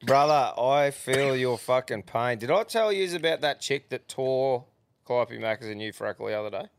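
A man's voice: mid-range voice, expressive, normal speed, smooth. An Australian man hosting a podcast, telling crude, laddish stories in casual chat. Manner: laddish, crude, laughing storyteller. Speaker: podcast host.

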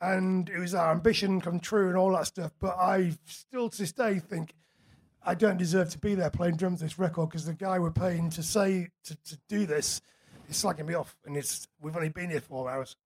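Guy, high voice, live Q&A guest, laughs a lot, swears casually. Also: steady tone, normal speed. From England. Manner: chatty anecdotes, frequent laughter, casual swearing. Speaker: musician guest. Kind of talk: live on-stage Q&A storytelling.

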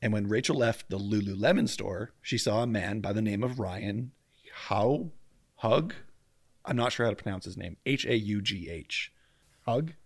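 A man co-hosts a laid-back true-crime podcast, joking and stumbling over names as he goes. His voice has a gravelly fry in it. The sound is dry and close. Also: lowish voice, normal speed, no room sound. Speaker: podcast co-host. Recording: dry close mic at home, faint outdoor hum.

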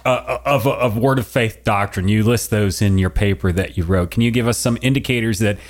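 A man's voice: fairly low pitch, fairly quick. A man co-hosting a podcast, bantering and laughing easily as he asks questions. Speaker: podcast co-host. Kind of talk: casual podcast discussion.

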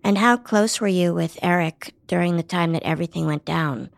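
Woman, interviewer, low gravelly voice, short direct questions. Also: moderate pace, no echo.

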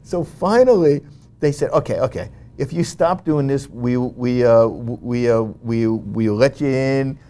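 Man, mid-pitched voice, animated storyteller, lots of fillers and restarts. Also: measured pace, few pauses, smooth. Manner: animated, frequent "you know" fillers and restarts. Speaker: interview guest. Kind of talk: conversational storytelling.

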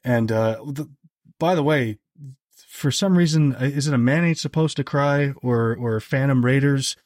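A man chats as a podcast guest and spins a long, animated anecdote, with plenty of "like" fillers. His voice sits at a middle pitch. The close mic sounds dry, with no room around it. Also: moderate pace, no room sound. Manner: animated, heavy on "like" fillers, jumps higher when quoting others. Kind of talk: casual storytelling chat.

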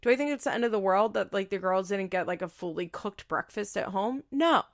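A woman recaps a reality TV show in casual, blunt commentary, cursing freely. Her voice carries a gravelly vocal fry at a middle pitch for a woman. She leans on "like" as a constant filler. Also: expressive, fairly quick. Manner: blunt, profane, frequent "like" fillers.

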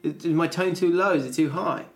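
A man's voice: fairly high pitch, moderate pace, a crowd in the background. A man hosting a casual podcast, chatty and jokey, reading out stories and bantering with co-hosts. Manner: chatty, jokey, reads news stories aloud. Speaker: podcast host. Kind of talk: casual chat.

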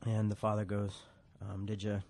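A man's voice: lowish voice, monotone, moderate pace, a little mellow. Rambling, joking male preacher. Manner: rambling, self-deprecating, laughs often. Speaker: pastor. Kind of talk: casual conversational sermon.

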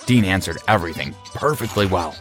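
A young man narrating a first-person story in a steady storytelling manner. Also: low-pitched, brisk, faint music behind.

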